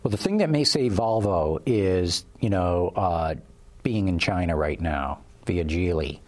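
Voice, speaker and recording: A man's voice: sits low, measured pace, a little mellow. A man hosting a casual talk show, rambling and restarting his sentences. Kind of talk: casual panel chat.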